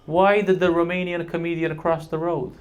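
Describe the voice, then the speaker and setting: A man putting on a smug chatbot that answers in short, flat, deadpan lines. It sounds a touch lower and softer than the man's usual voice. Steady audience noise is heard in the live room. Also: normal speed, lo-fi sound, lightly acted. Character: smug, blunt chatbot, male-coded.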